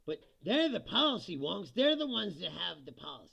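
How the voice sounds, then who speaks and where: A high, gravelly man rants on a livestream, swearing freely, laughing at his own jabs and mimicking what others said. His voice is bright and pushed, swinging widely in pitch. The sound is dull and lo-fi, like cheap stream audio. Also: very animated, brisk. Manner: profane, mocking, laughs often, mimics quotes. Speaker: livestream host. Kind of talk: political rant on a livestream.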